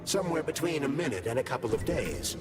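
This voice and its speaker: Game AI companion, male, calm and explanatory, lively pitch, reverberant, music underneath, voiced by a man. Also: fast talker, heavy background noise, lightly acted.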